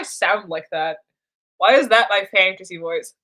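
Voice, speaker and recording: A woman's voice: fairly high pitch, big pitch swings, moderate pace, fairly bright tone. A young woman chatting casually while drawing on a live stream, playfully talking to herself and to chat.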